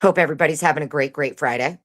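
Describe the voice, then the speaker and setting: Woman livestream host with a low voice, fast reader, sarcastic and swearing. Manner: sarcastic and profane. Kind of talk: casual livestream chat and reading aloud.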